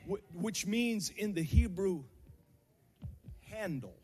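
A male pastor preaching a sermon to his congregation on a handheld microphone, building from slow teaching into shouted, sung cadences. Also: high voice, long reverb tail, soft background music. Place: church sanctuary.

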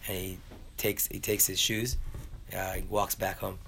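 A man telling a story in a casual Torah class, acting out the characters in a folksy, animated way. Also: low voice, a little slow, vocal fry, a little hiss or hum. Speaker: Torah teacher.

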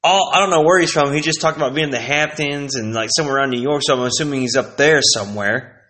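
A man's voice: mid-range voice, quick pace, fairly bright tone. A man delivering a profane, rambling vlog rant with exasperated disbelief. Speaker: vlogger. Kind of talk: casual ranting monologue.

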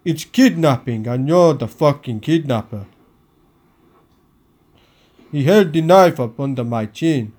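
A man hosting a podcast, reading a first-person audiobook aloud in a steady storytelling delivery. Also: fairly high pitch, takes it slowly, pauses often.

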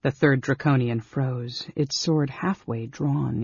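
A man narrating a fantasy audiobook in a measured, dramatic storytelling manner. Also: medium pitch, fairly even intonation, vocal fry, breathy edge, no echo, highs cut off. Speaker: audiobook reader.

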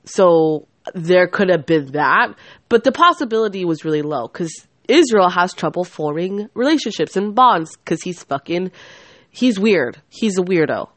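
A lowish, expressive female voice at normal speed, free of room sound, belongs to a podcast host in her twenties. Angry and profane, she rambles through a casual venting monologue, repeatedly breaking off her own sentences.

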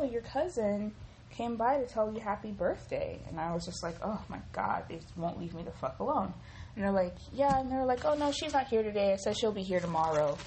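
A woman's voice: on the low side, slight background noise, rough recording. Profane, rambling woman podcaster. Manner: profane, rambling, animated venting. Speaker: podcast host. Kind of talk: casual storytelling monologue. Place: home kitchen.

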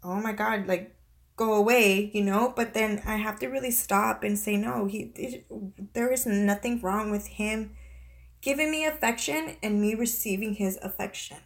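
A woman in her thirties talking to her viewers in a personal confessional vlog, halting and close to tears, with many restarts and fillers. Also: medium pitch. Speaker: vlogger.

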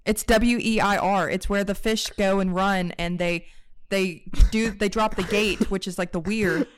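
A woman's voice: mid-range voice, steady tone, a little slow, clean tone, no echo. A woman with a West Virginian accent, co-hosting a podcast and telling rambling stories with laughs and swearing. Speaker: podcast co-host. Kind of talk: casual chat.

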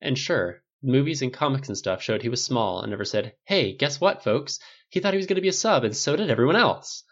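A male audiobook narrator with a gravelly, creaky voice, reading fan fiction in a measured storytelling delivery. He sits at a middle pitch for a man, and the recording is slightly dull and lo-fi. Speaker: audiobook reader.

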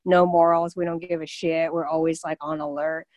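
A woman hosting a casual chat, blunt and quick to swear, filling her speech with "like". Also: low voice, level tone, a little mellow, no echo. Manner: blunt, swears freely, lots of "like".

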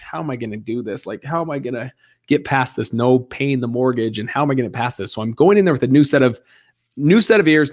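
A man in his thirties, an interview guest who tells his story in a lively way and acts out the other voices. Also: mid-range voice. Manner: animated storyteller acting out dialogue. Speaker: guest, real estate investor.

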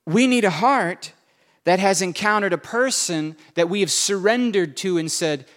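Male preacher, earnest sermon voice, slightly high, soft then forceful. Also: normal speed. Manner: earnest, swings from soft to emphatic.

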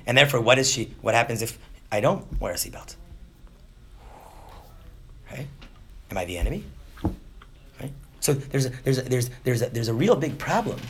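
A man's voice: medium pitch, breathy edge. A man in his thirties teaching a class on Jewish texts, who keeps checking in with "right?" and acts out short voices. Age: 30s. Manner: animated, often asks "right?", acts out quick voices. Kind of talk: lively lecture to a class.

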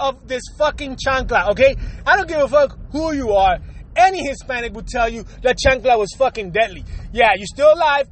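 High, bright-voiced man telling a laughing story. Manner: profane, laughs constantly, animated and emphatic. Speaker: podcaster recalling his own episode. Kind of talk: casual comic storytelling.

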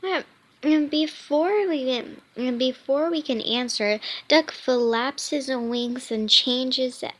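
A woman's voice: high voice, slow, few pauses, fairly bright tone. A woman reading a children's novel aloud, with many false starts and self-corrections.

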